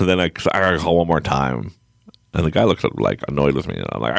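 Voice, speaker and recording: Very deep gravelly man, rambling story. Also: lively intonation, very fast, no echo, clean studio sound. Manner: rambling, full of restarts, frank and emotional. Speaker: podcast guest. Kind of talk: casual storytelling on a podcast.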